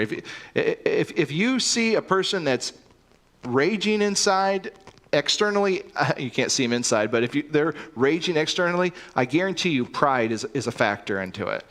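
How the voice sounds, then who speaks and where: A man's voice: on the high side, expressive, normal speed, a bit bright. A man preaching a sermon, earnest and emphatic, often repeating words as he starts a sentence.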